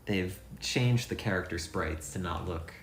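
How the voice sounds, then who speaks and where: A man's voice: sits low, measured pace, slight background noise. A man streaming a game, rambling and thinking aloud with a self-deprecating, offhand manner. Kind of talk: casual let's-play commentary. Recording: echoey room sound.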